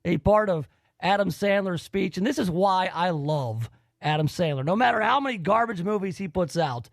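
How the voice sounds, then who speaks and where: Radio host, man, high-pitched, dry studio sound, rambling and eager. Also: lively intonation, moderate pace, creaky, no echo. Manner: enthusiastic, rambling. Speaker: radio talk show host. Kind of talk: casual radio talk.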